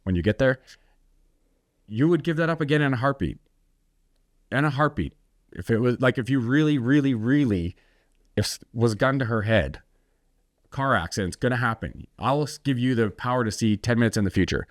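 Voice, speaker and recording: Clean studio sound with no room sound captures a middle-aged man speaking in a mid-range voice at a normal speed, with lively intonation and long pauses. As an entrepreneur guest on a podcast interview, he recounts his story bluntly and with intensity, cursing freely and impersonating other people's words.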